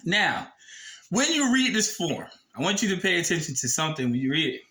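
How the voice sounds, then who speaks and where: Blunt, high-voiced man explaining a form. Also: big pitch swings, fairly quick, pushed and bright, low-quality recording. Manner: blunt, emphatic and profane, with rhetorical questions. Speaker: video presenter. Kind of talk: casual explainer reading from a form.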